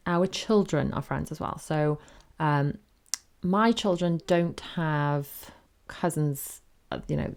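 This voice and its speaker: A woman's voice: sits low, darkish tone. A woman in her thirties hosting a solo podcast, chatty and candid, wandering off on tangents. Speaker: podcast host. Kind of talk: casual solo podcast talk.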